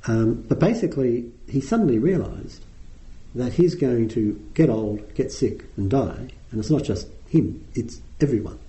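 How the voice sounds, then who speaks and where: A man's voice: mid-range voice, lively intonation, measured pace, dark tone. A male meditation teacher giving a conversational dharma talk with frequent ums, in a meditation hall. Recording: roomy hall echo.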